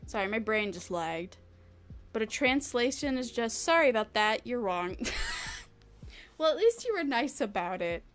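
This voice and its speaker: A young woman streamer chatting casually with her viewers, rambling, laughing often and swearing freely. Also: mid-range voice.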